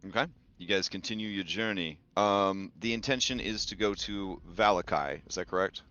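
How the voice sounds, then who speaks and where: A man narrating as game master of a tabletop game, relaxed and hedging with many fillers. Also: sits low, normal speed, clear, resonant tone. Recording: dull lo-fi sound with music behind.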